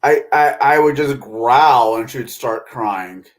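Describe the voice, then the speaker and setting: A man's voice: medium pitch, a little slow. Easygoing man telling a family anecdote. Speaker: divorced father in conversation. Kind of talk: casual late-night chat.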